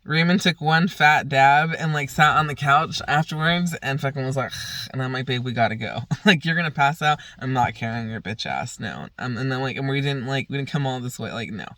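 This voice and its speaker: A man's voice: mid-range voice, brisk, bright, forceful tone, dry recording. A young man casually telling a rambling, profane story on his vlog, often laughing. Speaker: vlogger.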